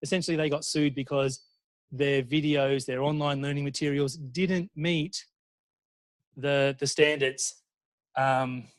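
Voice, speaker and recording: Presenting at a conference, this Australian university lecturer has a mid-range voice. He's animated, checks in often with the audience, and his speech is full of fillers and restarts.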